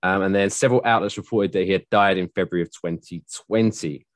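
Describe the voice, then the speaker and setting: A man's voice: low-pitched, steady tone, brisk, no echo, clean studio sound. A man in his thirties co-hosting a podcast, reading out a news story with joking asides. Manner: chatty, jokey, reads news aloud with asides. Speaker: podcast co-host. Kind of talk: casual news chat.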